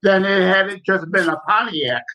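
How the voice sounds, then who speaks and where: A man's voice: high voice, normal speed, pushed and bright, rough recording. A man from Michigan co-hosting a podcast, talking earnestly and literally in casual chat. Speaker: podcast co-host.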